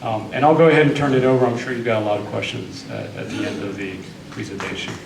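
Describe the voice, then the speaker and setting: A man's voice: fairly low pitch, fairly even intonation, fast talker, vocal fry, heavy background noise. A man giving a conversational panel talk, telling cautionary legal stories. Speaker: construction attorney on a panel. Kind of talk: panel presentation. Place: meeting hall. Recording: echoey hall, voice from far off.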